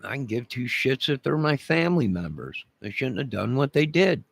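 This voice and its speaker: Man, angry profane rant, repetitive demands, gravelly, dry voice. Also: medium pitch, sing-song, normal speed, no room sound. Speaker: vlogger.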